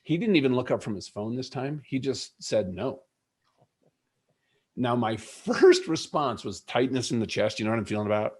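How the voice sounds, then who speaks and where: A man's voice: medium pitch, sing-song, moderate pace, a little mellow, breathy edge. A middle-aged man, a guest in an interview, earnestly telling a personal story and acting out bits of dialogue.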